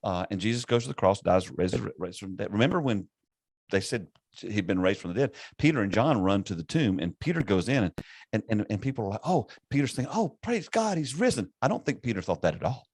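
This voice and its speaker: A man in his late fifties, a pastor and podcast host, retelling a story in a lively conversational way with many restarts. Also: fairly low pitch, fast, slightly rough, no room sound. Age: 50s. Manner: animated retelling with acted quotes, many restarts.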